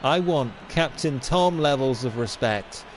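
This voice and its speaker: A young man commentating on a football game for laughs. His voice sits at an ordinary mid pitch, and he delivers mock-serious rants with mounting indignation. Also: animated, unhurried, a little hiss or hum.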